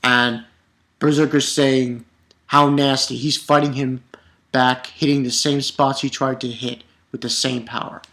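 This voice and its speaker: A man casually reviewing a comic chapter, rambling with restarts and bursting into excited, profane outbursts. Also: mid-range voice, unhurried. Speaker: manga reviewer.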